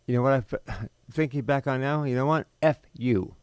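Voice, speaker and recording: A middle-aged man hosting a podcast, telling a personal story in a blunt, bitter, emphatic way with sudden pauses. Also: medium pitch, a little mellow, clear, resonant tone, no echo. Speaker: podcast host.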